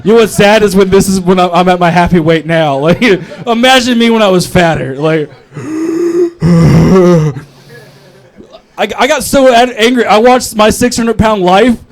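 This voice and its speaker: With a high-pitched, fairly quick delivery and few pauses, this stand-up comedian, a young North Carolina man, works an open mic comedy club. He rambles, swears, mocks himself, and frequently cracks up at his own material.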